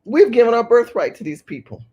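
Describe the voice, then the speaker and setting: An animated woman hosts a livestream, reading the chat aloud and pressing viewers with rhetorical questions. Her pitch rises and falls in lively swings. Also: brisk, highs cut off. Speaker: livestream host. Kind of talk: live-stream talk reading the chat.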